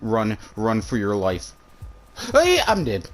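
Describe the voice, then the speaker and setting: Excitable man yelling over a game. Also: on the low side, slow pace. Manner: jumps from calm mutters to shrieking yells; swears and jokes with in-game creatures. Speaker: gameplay commentator. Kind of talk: excitable gameplay commentary.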